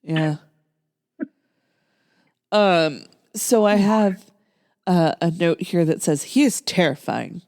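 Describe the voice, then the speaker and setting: A woman with a very low, gravelly voice hosts a casual movie chat. She mostly answers in short reactions and laughs easily between them. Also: slow pace, pauses often, a little mellow, no echo, clean studio sound. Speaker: podcast host.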